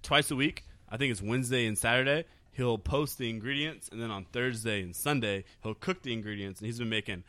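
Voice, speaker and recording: A man's voice: mid-range voice, fairly quick, few pauses, bright, forceful tone, dry recording. A young man co-hosting a casual drinking podcast, talking loosely with crude jokes and laughs. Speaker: podcast co-host.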